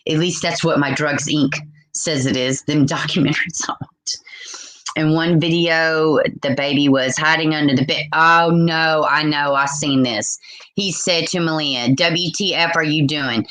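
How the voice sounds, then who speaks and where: A woman's voice: low voice, fairly even intonation, measured pace, fairly bright tone, poor audio. A woman in her forties hosting a live call-in stream, blunt and outspoken as she reads viewer comments aloud. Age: 40s. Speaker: livestream host.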